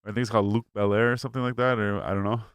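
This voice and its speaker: A young man chatting as podcast co-host, with a smooth, clear voice that sits a little low. He rambles and swears, stacking fillers as he goes. The sound is dry and close. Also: fairly even intonation, racing, no echo. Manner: rambling, profane, lots of "like" fillers. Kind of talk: casual chat. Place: home studio.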